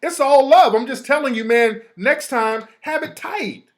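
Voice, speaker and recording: A man's voice: very high-pitched, measured pace. A man hosting his own show, ranting casually and profanely while reading out text messages. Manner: profane, heated, reading texts aloud. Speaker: show host. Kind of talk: casual live rant.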